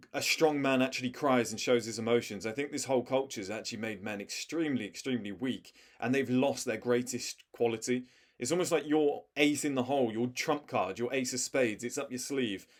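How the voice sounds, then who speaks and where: A young man talks straight to his viewers, giving life advice. His delivery is blunt and emphatic, loose and conversational, and he drops in slang and the odd swear word as he makes his points. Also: medium pitch. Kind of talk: casual direct-to-camera advice talk.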